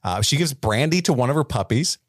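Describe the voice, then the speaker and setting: A man's voice: mid-range voice, lively intonation, fairly quick, dry recording, studio quality. An American man co-hosting a podcast, chatting casually about a movie and jokingly acting out lines from its scenes. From United States. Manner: jokey, acts out quotes from scenes. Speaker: podcast co-host. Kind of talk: casual movie review chat.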